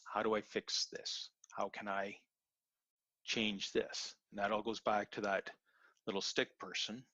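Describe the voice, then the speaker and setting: A man's voice: on the low side, little pitch movement, a little slow, sharp tone, no room sound, dull audio. A man giving an earnest, repetitive motivational talk in an online webinar. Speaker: webinar presenter.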